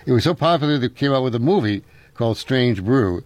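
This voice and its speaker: A man's voice: mid-range voice, expressive, fairly quick, a little mellow, no room sound. A middle-aged man hosting a call-in radio show, telling stories in a rambling way with frequent chuckles. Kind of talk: casual call-in radio chat. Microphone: studio microphone.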